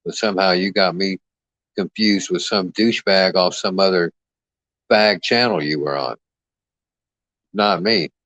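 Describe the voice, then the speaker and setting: A man's voice: deep voice, sing-song, measured pace, vocal fry, long pauses, a bit bright, no room sound. A man hosting a livestream, trash-talking a caller in a brash, profane, mocking way. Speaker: livestream host. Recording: dull lo-fi dry mic sound.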